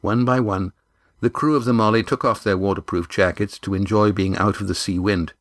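Man, low voice, dry close recording, measured audiobook narration. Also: steady tone, no room sound. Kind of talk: scripted narration of an adventure novel.

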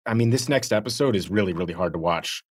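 A husky-voiced man co-hosts a casual podcast, talking through a TV episode with animated energy. He slips into quick impressions and laughs along the way. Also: lowish voice. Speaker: podcast co-host. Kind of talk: casual rewatch podcast chat.

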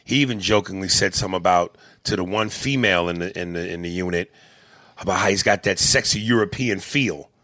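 A man's voice: low-pitched, brisk, bright, forceful tone, no echo, studio quality. A man co-hosting a casual movie chat, rambling and crude, joking and laughing often. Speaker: podcast co-host.

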